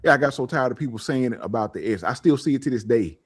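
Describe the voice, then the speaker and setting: A man's voice: mid-range voice, expressive, fast talker, no room sound. A man co-hosting a casual gaming podcast, talking in an emphatic, exasperated, slangy way. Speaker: podcast co-host.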